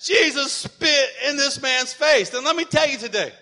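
A man preaching a sermon as pastor, emphatic and lively, building to shouted points with playful asides. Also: very high voice, moderate pace, big-room sound.

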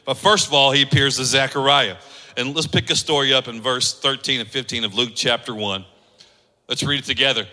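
A man's voice: mid-range voice, fairly even intonation, a little fast, sharp tone, long reverb tail, rough recording. A man preaching a sermon as pastor, emphatic and calling on the congregation to read along. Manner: emphatic, leads the congregation in reading aloud.

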